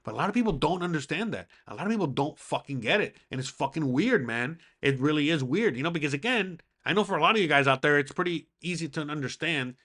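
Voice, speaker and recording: A man's voice: fairly high pitch, animated, fast talker, few pauses, fairly bright tone. A man hosting his own show, talking in a casual, rambling monologue full of swearing and fillers. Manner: profane, rambling, with frequent fillers. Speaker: podcast host.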